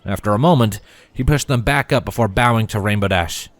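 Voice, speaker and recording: A man reading fanfiction aloud as narrator, in a lively storytelling manner. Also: on the low side, brisk.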